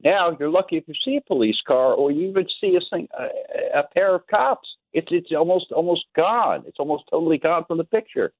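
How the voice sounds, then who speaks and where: A man's voice: on the high side, lively intonation, fairly quick, few pauses, dry recording. A man calling in to a radio show, talking in a rambling way and repeating his words. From New York. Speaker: caller. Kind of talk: phone-in call. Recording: tinny phone line.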